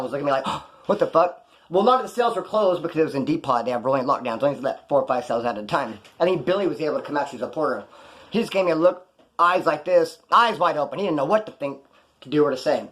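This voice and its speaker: A man's voice: on the high side, expressive, rapid-fire, a bit bright. A man casually telling rambling, profanity-laced stories with a wry edge. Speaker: vlogger recounting jail stories. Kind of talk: casual storytelling.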